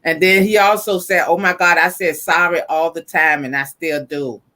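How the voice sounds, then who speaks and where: A woman's voice: fairly low pitch, fairly even intonation, moderate pace, sharp tone. A middle-aged woman hosting a casual podcast chat and reading out listener comments, emphatic and prone to repeating words as she thinks. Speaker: podcast host.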